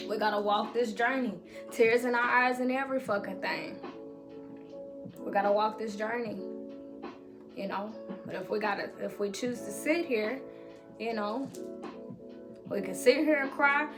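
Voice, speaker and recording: Woman vlogger, blunt and profane but reassuring, fairly high voice, music under her. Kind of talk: motivational talk to camera.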